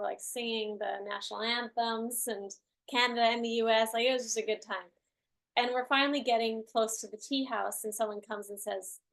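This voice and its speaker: Speaking in a slightly high, creaky voice, the Utah woman leading a group class on a video call keeps things casual. She tells a story with frequent laughter.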